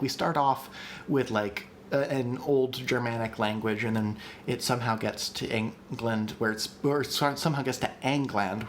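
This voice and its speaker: Man thinking out loud on a stream. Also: mid-range voice, a little hiss or hum. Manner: thinks out loud, many ums and restarts; answers chat questions as they come in. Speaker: streamer teaching language creation. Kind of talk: live-streamed casual lecture.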